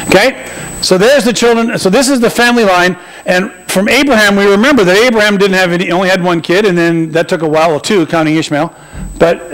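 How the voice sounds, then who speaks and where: A pastor with a notably high voice delivers a sermon in a church. He talks in a loose, conversational way, tossing jokes and asides to people in the pews. The recording is of poor quality. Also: fairly bright tone. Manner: conversational and joking, with acted-out asides. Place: church sanctuary.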